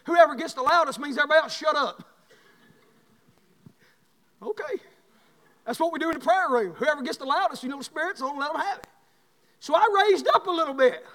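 A man's voice: very high-pitched, fairly quick, pauses often, a bit bright. A man preaching a fervent Baptist revival sermon in a church. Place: church sanctuary. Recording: long church-hall reverb.

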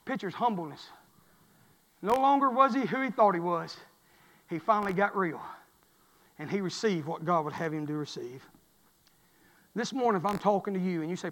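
A man, preaching a sermon as pastor, swinging from quiet murmurs to shouted fervor. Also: sits high, brisk, long pauses. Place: church sanctuary. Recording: long echo of a church sanctuary.

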